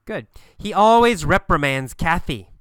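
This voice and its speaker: A man teaching an English listening lesson, speaking slowly and emphatically and repeating key phrases for learners. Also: on the high side, expressive, fairly bright tone, smooth, no room sound.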